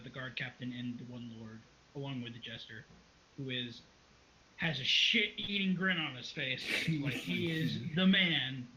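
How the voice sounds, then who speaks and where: Bright-voiced man narrating as game master. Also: mid-range voice, a little hiss or hum. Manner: casual, full of fillers. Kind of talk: narrating a tabletop role-play. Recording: dull lo-fi recording.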